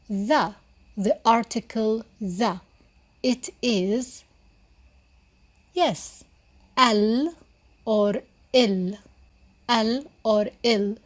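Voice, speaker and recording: A woman gives a beginner language lesson at an unhurried pace. Her voice sits slightly high. She repeats each word patiently so the learner can follow along. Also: a little mellow. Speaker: Arabic teacher.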